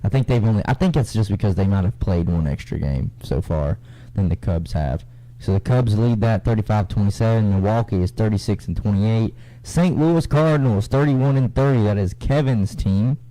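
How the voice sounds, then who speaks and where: A young man co-hosting a casual radio sports talk show, reading standings in a relaxed, drawling way. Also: fairly low pitch, moderate pace, low-quality recording. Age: young adult.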